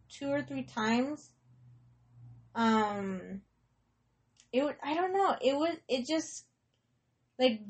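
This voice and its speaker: A young woman casually telling a personal story, rambling with lots of swearing and filler, dropping Spanish words into her English. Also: a little high. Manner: rambling, heavy swearing, many likes and restarts. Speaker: podcast host.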